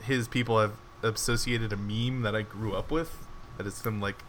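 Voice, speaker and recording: A man's voice: fairly low pitch, steady tone, moderate pace, fairly bright tone, slight background noise. A man co-hosting a casual review podcast, rambling with lots of "like"s and laughing often. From United States. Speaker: podcast co-host.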